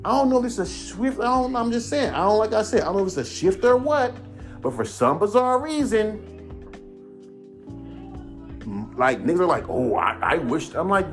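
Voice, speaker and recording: Guy in his 30s ranting on his podcast, swears a lot, voice swings all over, faint music behind. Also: high voice. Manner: heated, profane, rambling rant. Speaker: podcast host, rapper. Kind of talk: casual ranting monologue.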